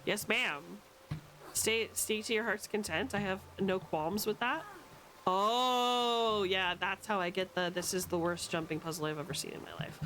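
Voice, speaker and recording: A young adult woman streaming a video game with loud, playful, swearing commentary and frequent yells at the game. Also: medium pitch, moderate pace, slight background noise. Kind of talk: casual gameplay commentary.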